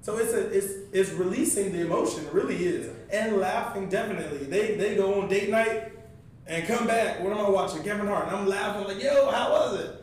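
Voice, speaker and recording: A man chatting casually as a podcast guest, telling stories with lively acted-out quotes. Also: sits high, fairly quick, slight background noise. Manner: animated storyteller acting out quoted voices. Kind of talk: casual chat. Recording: echoey room, far from mic.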